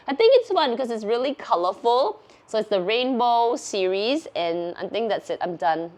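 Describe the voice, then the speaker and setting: A woman, a YouTube host chatting casually through viewer questions in a bubbly, giggly, excitable way. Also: mid-range voice, normal speed. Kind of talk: casual Q&A chat.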